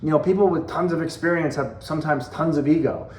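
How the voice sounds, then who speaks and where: A man's voice: on the high side, quick pace, a little mellow, slight background noise. A man in his forties giving a motivational talk as a sales team leader, earnest and conversational, repeating phrases for emphasis. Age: 40s. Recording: roomy echo.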